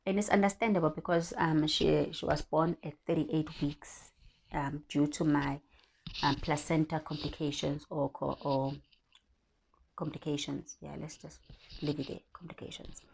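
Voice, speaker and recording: A woman's voice: low-pitched, moderate pace, gravelly, slight background noise. A young South African woman with a South African accent, a vlogger telling a personal story in casual chat and acting out the dialogue. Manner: lively, animated, acts out dialogue.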